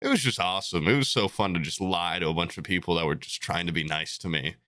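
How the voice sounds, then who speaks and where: A man's voice: low-pitched, fast talker, bright, forceful tone, no echo, clean studio sound. A young man telling a story in casual podcast chat over a video call, acting out the voices he quotes. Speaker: podcast co-host.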